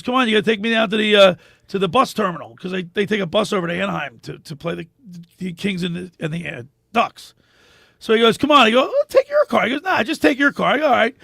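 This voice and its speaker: Sports radio host, high bright voice with gravel, dry studio sound. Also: male voice, no echo. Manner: animated storyteller, laughs at his own tales. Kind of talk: casual radio chat and storytelling.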